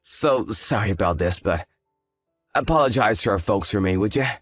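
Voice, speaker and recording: A man's voice: fairly low pitch, expressive, moderate pace, soft background music. A man playing a smug, hungover fiancé. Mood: groggy. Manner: lazy, condescending, sarcastic. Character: arrogant hungover male fiancé, dismissive and smug. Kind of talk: scripted story drama.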